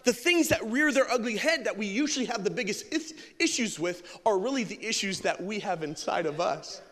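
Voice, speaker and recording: A man preaching a sermon full of humor, animated and jokey, acting out bits of dialogue. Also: high-pitched, brisk, in a large hall. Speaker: pastor. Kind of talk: sermon with comic stories.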